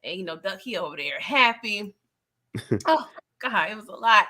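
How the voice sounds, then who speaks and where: Animated woman hosting a movie review. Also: medium pitch, normal speed. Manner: animated, emphatic storyteller who acts out the characters' lines; laughs often between lines. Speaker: channel host. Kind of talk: live movie review chat.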